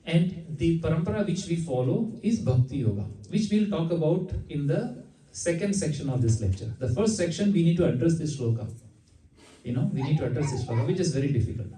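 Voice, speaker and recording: A man lectures on scripture in a conversational way, often turning questions to the audience. His voice is mellow and dark, a little high for a man. He is picked up from across an echoey temple hall. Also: lively intonation, fairly quick. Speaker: speaker giving a scripture class. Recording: echoey hall, mic far off.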